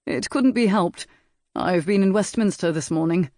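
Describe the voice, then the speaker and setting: A man reading an audiobook and voicing a disgraced young viscount who speaks calmly and unperturbed. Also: high voice, normal speed, dry recording, clean studio sound, lightly acted. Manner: calm, unperturbed.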